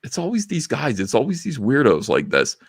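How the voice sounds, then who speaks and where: A man's voice: medium pitch, huge pitch swings, brisk, slightly rough. A man hosting a casual livestream, reading posts aloud with sarcastic commentary that swings between muttering and outbursts. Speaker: livestream host.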